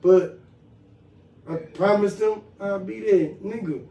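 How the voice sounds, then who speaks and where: A man's voice: high-pitched, takes it slowly, warm tone. A grieving man on a podcast, talking raw and profane, swinging between laughing and crying with his voice breaking. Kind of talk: emotional group conversation. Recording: echoey room, mic at a distance.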